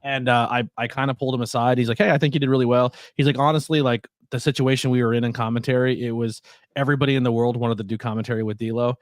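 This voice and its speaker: A man's voice: medium pitch, flat delivery, fast talker, dry recording, clean studio sound. A man co-hosting a wrestling podcast, talking earnestly and rambling in a casual chat, with frequent restarts. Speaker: podcast co-host.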